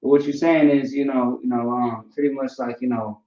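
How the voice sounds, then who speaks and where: A man teaching a language class in a casual, relaxed way, often checking in with "right?" and "you know". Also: medium pitch, brisk. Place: classroom, writing on a board. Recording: roomy, distant, dull lo-fi sound.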